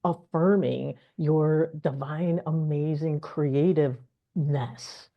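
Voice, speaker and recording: A woman's voice: sits low, slow pace. A woman co-hosting a casual spiritual talk, telling stories with laughter and acted-out inner voices. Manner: animated storyteller, laughs often, acts out inner voices. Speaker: co-host of a spiritual wealth course. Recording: dull lo-fi sound.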